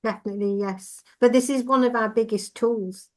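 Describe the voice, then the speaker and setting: A woman who trains driving instructors, talking in a measured, reassuring and explanatory way in a casual podcast discussion. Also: a little high, fairly even intonation.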